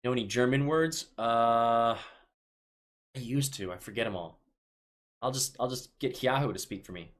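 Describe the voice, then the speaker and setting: A man's voice: medium pitch, normal speed, long pauses. A man in his thirties from Chicago, casually reading viewer questions aloud on a live stream and answering them offhand, often restarting his sentences. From Chicago, United States. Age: 30s.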